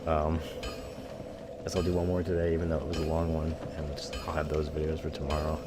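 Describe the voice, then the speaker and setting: Young American guy with a deep voice, loose gameplay commentary over clear game music. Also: monotone, a little fast. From United States. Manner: rambling, swears freely, self-deprecating. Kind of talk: casual let's-play commentary.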